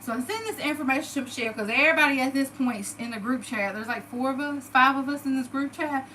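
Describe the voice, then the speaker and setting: A woman in her thirties telling a personal story in a casual, animated and profane way. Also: sits high, fast, slight background noise, rough recording. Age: 30s. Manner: animated, profane, dramatic retelling. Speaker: storyteller vlogger.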